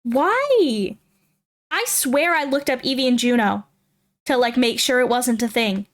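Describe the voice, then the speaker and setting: On a gaming livestream, a young woman with a highish voice talks at a moderate pace, rambling casually and giggling a lot as she plays.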